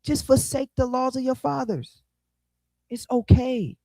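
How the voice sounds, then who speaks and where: A scheming tyrant king who coaxes in a low, hushed, wheedling street drawl, as a man acts him out while retelling scripture. The voice is dry and close, with no room around it. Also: unhurried, gravelly, dry recording, full character voice. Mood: coaxing. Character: scheming male tyrant king, coaxing and smooth.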